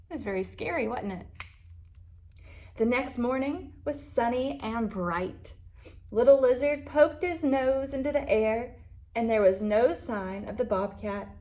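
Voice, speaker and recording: A librarian reading a picture book aloud to children, animated, gasping and asking them questions. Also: female voice, on the high side.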